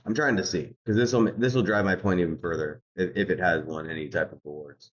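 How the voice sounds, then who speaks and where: A man's voice: deep voice, fairly quick. Mocking lo-fi streamer man. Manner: mocking, laughs often, swears, repeats words. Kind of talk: livestream reaction rant.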